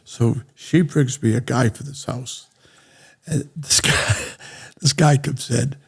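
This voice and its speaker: A man with a New England accent, telling a long business story on a podcast and acting out everyone's lines as he goes. His voice is gravelly, with a husky edge. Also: medium pitch, takes it slowly. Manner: animated anecdotes, acting out other people's lines. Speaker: real estate developer.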